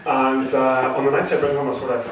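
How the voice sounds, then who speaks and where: A man's voice: medium pitch, little pitch movement, fairly quick, a little hiss or hum. A man doing his first stand-up comedy set, nervous and rambling, full of fillers and restarts. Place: theatre stage with a live audience. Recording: echoey hall recorded from far off.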